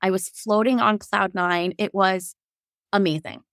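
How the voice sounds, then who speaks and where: A woman's voice: mid-range voice, measured pace, no room sound. Woman, 30s, chatty storyteller, mid-range voice, dry intimate sound. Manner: animated, quotes herself and others in lively voices, laughs often. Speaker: podcast guest telling her birth story. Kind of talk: casual storytelling.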